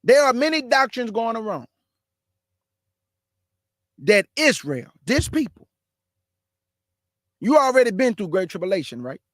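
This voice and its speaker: High-voiced fast-talking preacher man. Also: sing-song, a bit bright, no echo, studio quality. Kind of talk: live-streamed bible teaching.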